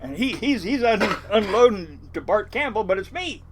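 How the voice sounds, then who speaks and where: Animated older man spinning salty yarns. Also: high voice, moderate pace, background noise. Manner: animated, swears freely, lots of restarts and chuckles. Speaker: fishing boat captain, podcast guest. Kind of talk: rambling storytelling in a casual interview.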